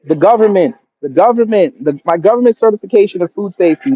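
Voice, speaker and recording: A man's voice: high-pitched, animated, quick pace, hardly any pauses, husky. A man of Jamaican background hosting a livestream, reading out chat comments and answering them with sarcasm and laughter. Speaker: livestream host. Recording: dull lo-fi stream audio.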